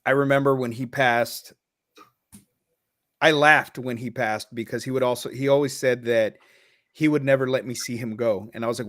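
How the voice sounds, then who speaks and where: A man in a casual podcast talk, telling a personal story with blunt, profane candor and loose restarts. His pitch sits in the middle, and the sound is close and dry. He sounds a little choked up underneath. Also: fairly even intonation, moderate pace, a bit bright, dry recording.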